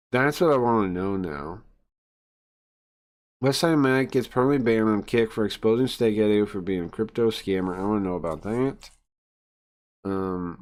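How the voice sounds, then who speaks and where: A male live streamer giving blunt, crude, rambling reaction commentary full of fillers. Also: fairly low pitch.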